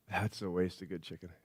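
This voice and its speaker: A male pastor with a low, husky voice preaches a sermon in a church. He speaks conversationally, telling stories and often restarting his sentences.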